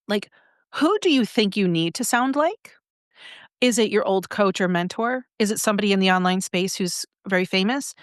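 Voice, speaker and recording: A middle-aged woman who coaches on brand voice, talking in a lively, conversational way as a podcast guest. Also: mid-range voice, no echo, studio quality. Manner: animated, acts out examples in shifting voices.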